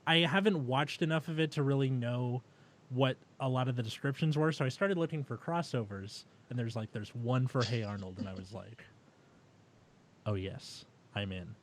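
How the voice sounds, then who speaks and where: A man from California at a middling pitch, co-hosting a comedy podcast. He talks loosely and informally, dropping a casual "dude" and easy swearing into the chat. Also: a little fast, a little hiss or hum. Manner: laid-back, swears casually, says dude. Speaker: podcast co-host.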